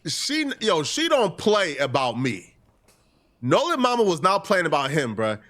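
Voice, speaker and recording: A man's voice: fairly high pitch, wildly swooping pitch, a little slow, fairly bright tone. A man hosting a casual reaction stream, skeptical and slangy in his commentary. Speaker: commentary host.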